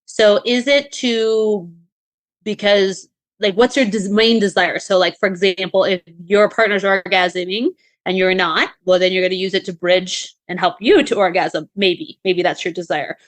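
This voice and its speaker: Woman cohost just chatting, lots of um and like, mid pitch, dead dry mic. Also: steady tone, moderate pace, no echo. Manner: chatty, frequent fillers and restarts. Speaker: podcast co-host. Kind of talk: casual advice chat.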